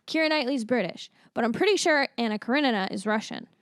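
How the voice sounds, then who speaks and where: A woman co-hosting a casual movie review podcast, telling stories with animated quoted reactions and free swearing. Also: fairly high pitch, fast, smooth, dry recording, clean studio sound. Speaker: podcast co-host.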